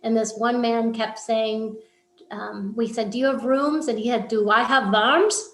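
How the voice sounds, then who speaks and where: A woman's voice: on the high side, a little slow. Young woman telling a funny story. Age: young adult. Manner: lively, acts out quoted lines in raised voice. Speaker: student performer. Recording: roomy echo.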